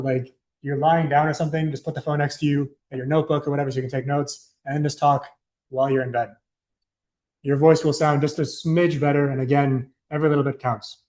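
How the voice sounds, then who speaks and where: A man's voice: a little high, a little mellow. A young man giving a casual, chatty presentation to a student club, loose and full of fillers and asides. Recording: echoey room.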